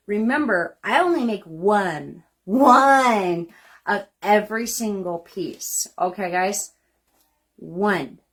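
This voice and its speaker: A woman jeweler showing her handcrafted pieces in a small shop, gushing with lots of "honey" and "like", breaking into high squeals and gasps. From United States. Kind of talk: excited product showcase.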